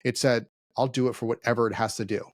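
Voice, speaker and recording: A man co-hosting a casual business podcast, telling stories and acting out quoted dialogue with lively energy. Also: mid-range voice, quick pace, no room sound, clean studio sound. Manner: animated storyteller, acts out quoted dialogue. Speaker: podcast co-host, CEO.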